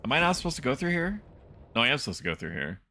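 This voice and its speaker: A young man livestreaming a video game as a VTuber, chatting with viewers and breaking into loud, animated outbursts at the game. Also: mid-range voice, very fast. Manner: animated, yells and laughs at the game. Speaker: VTuber streamer. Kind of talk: gaming livestream commentary.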